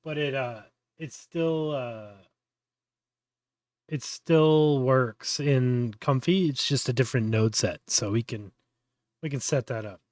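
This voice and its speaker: A man's voice: mid-range voice, takes it slowly, a little mellow, dry recording, studio quality. A man hosting a casual live tutorial, thinking aloud with many fillers and restarts. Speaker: host.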